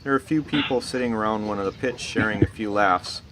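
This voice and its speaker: A man narrating a tabletop role-playing game as dungeon master, pausing often with uh and restarts. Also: lowish voice. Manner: hesitant, many uh fillers, laughs at odd names. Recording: noisy online voice chat.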